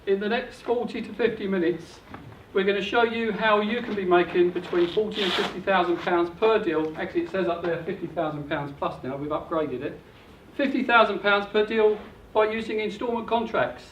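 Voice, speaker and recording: Older guy selling a property seminar, highish voice, dull muffled echoey recording. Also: brisk, hardly any pauses, far from the mic, slight background noise. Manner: upbeat, salesy pitch. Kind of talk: seminar presentation. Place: hotel function room.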